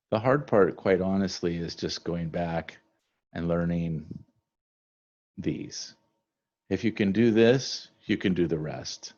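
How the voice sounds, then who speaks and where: A man teaching a language lesson from slides, relaxed and conversational with many fillers. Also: sits low. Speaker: Spanish teacher. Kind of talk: recorded slide lecture. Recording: dull lo-fi recording.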